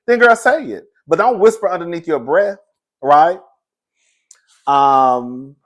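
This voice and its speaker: Sassy, animated man recapping reality TV. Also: on the high side. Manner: sassy and animated, laughs often, calls listener "girl". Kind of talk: casual recap commentary.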